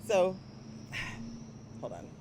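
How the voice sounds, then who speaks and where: With an extremely low, darkish voice that's animated yet very slow, a brand coach in her 40s chats casually to viewers. She's outside near a street, faint traffic audible, speaking through a small phone mic and laughing often.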